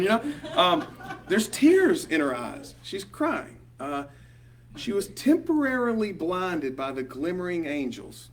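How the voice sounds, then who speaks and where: A man's voice: high-pitched, sing-song, a little slow. Man with a Southern accent, leading a Bible study. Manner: chatty and rambling, frequent ums and "you know". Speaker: small group Bible study leader. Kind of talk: casual Bible study teaching. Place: small group meeting room. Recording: distant mic with faint hum.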